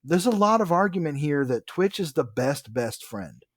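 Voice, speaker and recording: A man's voice: on the high side, sing-song, moderate pace, no room sound. A man co-hosting a podcast, chatting loosely and offhandedly about comics, with casual swearing. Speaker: podcast co-host.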